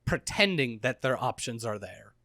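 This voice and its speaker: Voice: medium pitch, very animated, normal speed, pushed and bright, dry recording. A podcast co-host recapping a game in casual chat, sarcastic and wry.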